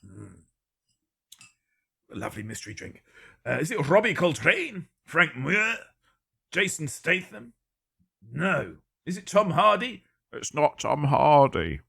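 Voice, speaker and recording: A man hosting a live-stream guessing game, reading out viewers' guesses one by one with dry, deadpan jokes. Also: on the high side, creaky, slightly rough. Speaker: livestream quiz host.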